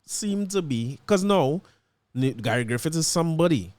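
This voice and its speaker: Animated Trinidadian man telling a story. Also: a little high, moderate pace, dry recording. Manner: animated, laughing, acts out quoted voices. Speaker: podcast host. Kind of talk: casual storytelling monologue.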